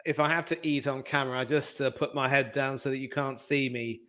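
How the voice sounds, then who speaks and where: A man hosting a football watch-along over a video call, talking in a measured, thoughtful way with frequent pauses. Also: medium pitch, fairly even intonation, bright, forceful tone. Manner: measured, thoughtful, hesitant with fillers. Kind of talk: casual match chat over video call.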